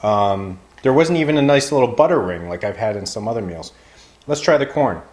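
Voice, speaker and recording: A man's voice: fairly low pitch, expressive, fairly quick, darkish tone. A man hosting a casual frozen food review to camera, wry and playfully exasperated, often calling his viewers "guys.".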